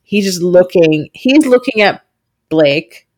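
A woman's voice: fairly low pitch, lively intonation, slow, darkish tone. A woman co-hosting a podcast, chatting casually and acting out quotes in mock voices, with some swearing. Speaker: podcast co-host. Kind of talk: casual recap chat.

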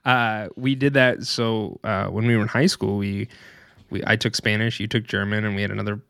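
A man's voice: fairly low pitch, fairly even intonation, moderate pace, creaky, a bit bright, dry recording. A young man co-hosting a podcast, telling rambling stories in casual chat and laughing often. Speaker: podcast co-host.

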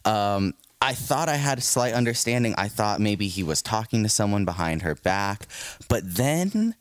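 A man's voice: on the low side, animated, normal speed, no room sound. A man casually telling a story in a laid-back chat, laughing often and swearing freely. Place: Los Angeles area.

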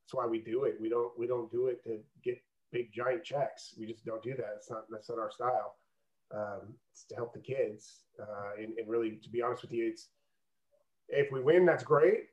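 A man with a mid-pitched voice talks in an earnest, affirming way during a casual podcast chat. He is a coach responding to a co-host. His voice sounds roomy and somewhat dull, as if captured at a slight distance in a reflective space. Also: steady tone, normal speed.

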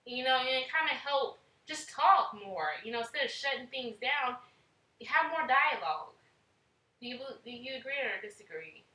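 A woman's voice: high-pitched, animated, normal speed, sharp tone, far from the mic. A woman in casual conversation, speaking earnestly about raising children and acting out little quoted exchanges. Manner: earnest, talks with her hands in quotes, acts out parent and child lines. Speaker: parent in a podcast conversation. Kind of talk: casual chat. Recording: echoey room, set back from the mic.

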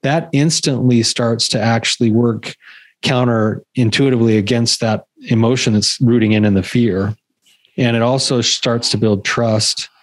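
A man in his thirties or forties tells a story as a podcast co-host, in a casual, animated way. He acts out the voices of the people in it. His voice sits at an everyday pitch, recorded dry and close with no room sound. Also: moderate pace, no echo.

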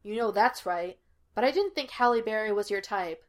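A woman's voice: mid-range voice, normal speed, natural voice. Woman reading as a jumpy, snappish male sidekick. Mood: dry. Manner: nervous, snappish. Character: jittery male sidekick investigator, easily spooked.

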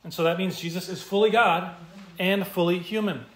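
Emphatic pastor teaching in an echoey church. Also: male voice, high-pitched, steady tone, normal speed, fairly bright tone. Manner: emphatic, repeats key phrases for stress. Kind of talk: expository sermon teaching.

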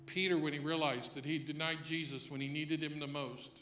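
A man preaching a sermon as pastor, moving between quiet reflection and loud emphatic passages. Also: a little high, steady tone, brisk, roomy sound.

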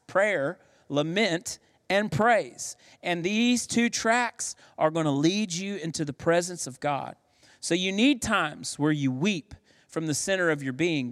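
A male pastor with a high voice preaches a sermon, moving from hushed, soft passages to loud, emphatic bursts. His words ring out with a long reverb, as in a large church sanctuary.

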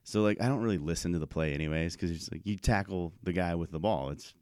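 A man co-hosting a podcast, telling stories in relaxed casual chat and laughing often. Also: sits low, fast, smooth, no echo, clean studio sound. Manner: laid-back, laughs often. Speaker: podcast co-host.

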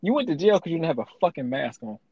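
A man's voice: a little high, sing-song, rapid-fire, dark tone, breathy edge, no echo, muffled recording. A man co-hosting a casual podcast, teasing his partner bluntly and swearing heavily. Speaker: podcast co-host.

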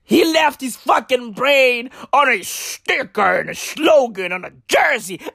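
A man hosting a podcast, ranting in casual commentary, excitable and profane, repeating himself and breaking into laughter. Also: extremely high pitch, creaky, no room sound. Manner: excitable, profane, repetitive, keeps bursting into laughter. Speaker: podcast host.

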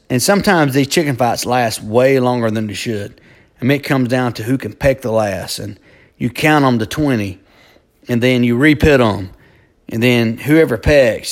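A man with a drawl tells a story from his past. He rambles and circles back, full of "you know" and restarts, and he livens up as he gets to the exciting parts. His voice sits at an ordinary mid pitch. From Alabama. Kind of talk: casual storytelling.

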